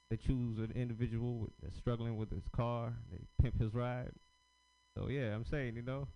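A man's voice: mid-range voice, a little mellow, smooth. A man doing a loose, rambling, self-deprecating stand-up set at an open mic. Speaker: stand-up comedian. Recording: lo-fi live club recording.

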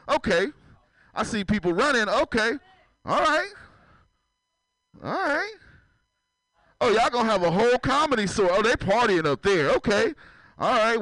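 Male stand-up comic from San Francisco, bright and dry, chatty crowd-teasing delivery. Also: high voice, dry recording, rough recording. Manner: loose, profane, chatty, teases the audience. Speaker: stand-up comedian. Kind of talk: stand-up comedy set with crowd work. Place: comedy club.

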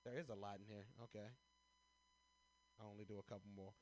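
Riffing on prompts drawn from a hat, a young stand-up comedian from Chicago tells loose, profane, animated stories and keeps cracking himself up. His voice is lowish and his pace fairly quick.

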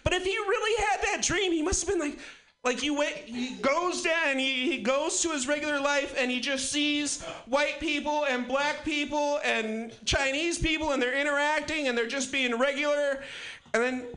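A man's voice: very high-pitched, moderate pace, bright, forceful tone. A man in his twenties doing a rambling, profane, self-mocking stand-up routine. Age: 20s. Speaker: stand-up comedian.

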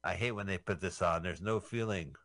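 A man's voice: low voice, fairly quick, fairly bright tone, dry recording. A man hosting a radio show, casually commenting on a film he is watching, full of puns and swearing. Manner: jokey, punning, swears freely.

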